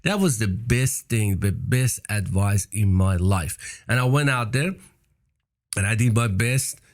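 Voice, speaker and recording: A man's voice: lowish voice, animated, a little slow. A man in his fifties whose first language is not English, telling stories with emphasis and repeating key phrases in a casual interview. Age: 50s. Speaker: podcast guest.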